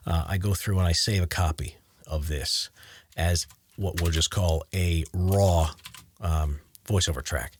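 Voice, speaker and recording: Man, Rhode Island accent, very low voice, dry close sound, casual tutorial explainer. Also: husky, no echo. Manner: relaxed, explains while clicking and typing. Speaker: voiceover artist. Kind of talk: casual screen-recorded editing tutorial.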